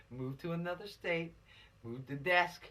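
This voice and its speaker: A woman's voice: fairly low pitch, a bit bright, distant mic, slight background noise. A woman, a police officer giving teens an informal law lesson in a folksy, admonishing, preachy way.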